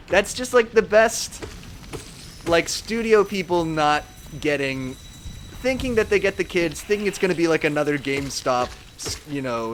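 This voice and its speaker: Young male streamer, slightly high voice, very animated delivery, chatty and quick to laugh. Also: a little hiss or hum. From Southern California. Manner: joking, chatty, laughs often. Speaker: game streamer. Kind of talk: casual live-stream chat while gaming.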